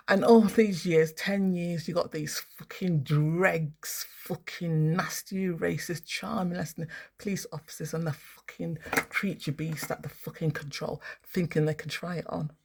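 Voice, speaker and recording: A woman's voice: sits low, steady tone, normal speed, vocal fry, breathy edge. A woman, ranting and swearing heavily in an angry, rambling monologue outdoors. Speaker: spiritual vlogger.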